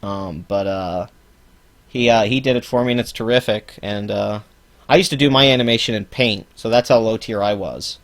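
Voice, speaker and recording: A man's voice: lowish voice, normal speed. Man, live-stream reaction host, casual, profane, sarcastic ranting. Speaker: channel host.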